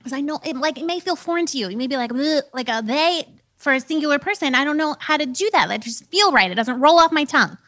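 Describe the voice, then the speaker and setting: A woman's voice: high-pitched, animated, fast talker, sharp tone. A woman in her thirties, a preacher and teacher, giving a casual, conversational talk with a self-deprecating manner.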